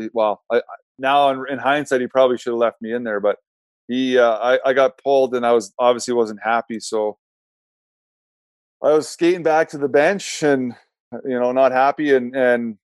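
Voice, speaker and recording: A middle-aged former pro hockey goalie tells a rambling story in casual talk, correcting himself and laughing at himself. His voice is medium-pitched, with no room sound.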